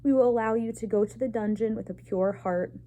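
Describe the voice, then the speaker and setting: A woman voicing a stern, pompous male elder mouse judge in a storybook reading, with a booming, pronouncing manner. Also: a little fast, warm tone, slight background noise, close to an everyday voice.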